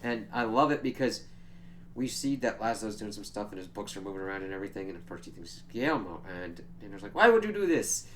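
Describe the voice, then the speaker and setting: A man's voice: on the low side, fast talker, fairly bright tone, slight background noise. A man giving a casual, chatty spoiler recap of a TV episode, swearing freely and laughing as he retells scenes. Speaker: show reviewer.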